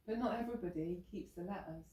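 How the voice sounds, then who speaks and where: A woman's voice: lowish voice, fast, warm tone. A woman from England recalling memories earnestly in a casual chat, repeating herself as she goes. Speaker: co-host. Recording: roomy, picked up from a distance.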